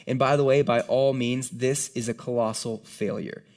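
A man preaching a sermon to a congregation in an earnest, conversational way, with quick asides and acted-out quotes. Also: medium pitch, steady tone, a little mellow. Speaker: pastor. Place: church hall before a congregation.

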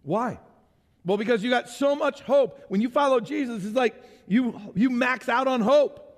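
A man preaching a sermon as pastor, animated and conversational, asking the congregation questions and making playful sound effects. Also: extremely high pitch, normal speed, big-room sound.

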